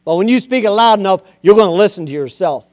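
A male preacher delivers his sermon in a smooth, resonant, fairly high voice. He is emphatic and homespun, calling on listeners to speak the words aloud. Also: animated, fast talker, darkish tone, no room sound, clean studio sound. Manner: plain-spoken, homespun.

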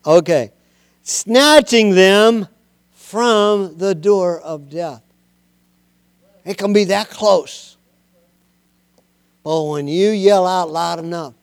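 A male preacher delivering a sermon, emphatic and plain-spoken, urging listeners to say the words out loud. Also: high voice, smooth, no room sound, clean studio sound. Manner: emphatic, urges listeners to say things aloud.

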